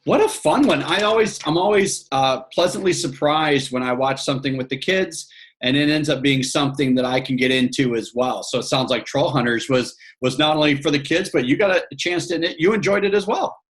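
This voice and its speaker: Male host, upbeat and encouraging, slightly high voice, casual talk. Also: brisk. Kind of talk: casual chat.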